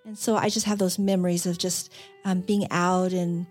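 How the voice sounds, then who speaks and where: Animated woman telling stories, slightly husky. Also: on the low side, moderate pace, soft background music. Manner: animated storyteller, laughs often, voices people in her stories. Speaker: conversation partner. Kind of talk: casual chat.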